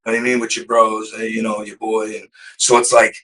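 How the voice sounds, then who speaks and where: A man from Massachusetts tells a story on a podcast, rambling and swearing freely and often checking in with "you know what I mean". His voice is bright and sharp. He sounds a little distant from the microphone. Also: on the low side, completely flat delivery, fast talker. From Massachusetts, USA. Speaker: podcast guest. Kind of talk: casual storytelling of prison life.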